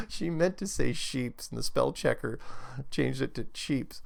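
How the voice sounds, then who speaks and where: A man's voice: medium pitch, big pitch swings, unhurried, creaky. A man hosting a show, reading listener emails aloud and commenting on them in a casual way. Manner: reads emails aloud, then comments with chuckles.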